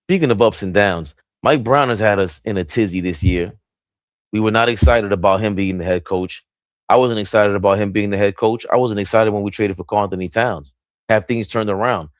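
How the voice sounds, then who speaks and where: A man's voice: lowish voice, brisk, no echo. Hyped man calling a game from home. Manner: hyped, sing-song nicknames, excited outbursts. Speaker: live play-by-play streamer. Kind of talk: casual play-by-play commentary. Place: small room at home.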